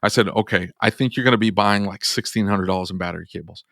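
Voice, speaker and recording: Auto shop owner, male, lowish voice, animated storyteller who voices his customers, dry close sound. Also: fast talker, gravelly, dry recording. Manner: animated, acts out both sides of phone calls. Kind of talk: podcast storytelling.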